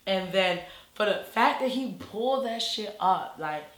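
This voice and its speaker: A young woman from Baltimore with a Baltimore accent, telling a rambling, animated storytime full of "like" and slang. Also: mid-range voice, a little slow, echoey room. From Baltimore, USA. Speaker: YouTuber. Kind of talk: casual storytime vlog.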